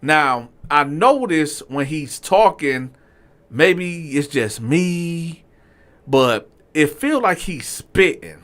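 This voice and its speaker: Animated man telling a street story. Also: very slow. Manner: animated, slangy, swings from low asides to loud outbursts. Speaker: channel host telling his own story. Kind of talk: casual storytelling to viewers.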